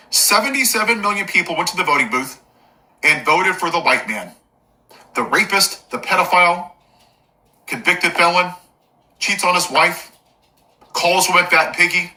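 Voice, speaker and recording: A man's voice: fairly high pitch, sharp tone, a little hiss or hum, poor audio. A man giving an impassioned political rant to camera, angry and emphatic, with sarcastic, mocking asides. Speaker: political commentator.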